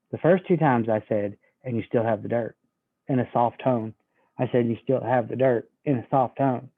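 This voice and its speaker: Folksy man, tinny phone-like sound. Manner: folksy, animated, acts out customer pitch. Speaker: sales trainer. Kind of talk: sales training demonstration.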